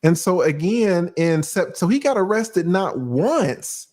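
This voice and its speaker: A man hosts a casual legal breakdown on a livestream, animated and blunt and quick to curse. His voice sits a little high for a man and swings up and down as he acts out quick asides. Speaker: livestream host, lawyer.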